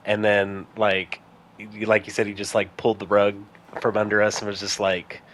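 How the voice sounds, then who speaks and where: A man's voice: on the low side, flat delivery, moderate pace, a bit bright. A young man co-hosting a podcast, chatting about a horror movie in a laid-back way with casual swearing. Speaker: podcast co-host. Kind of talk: casual movie review chat.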